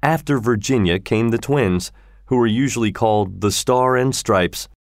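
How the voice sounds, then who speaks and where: A man narrating a storybook in a measured, even reading voice. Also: medium pitch, dry recording, clean studio sound. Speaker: audiobook narrator.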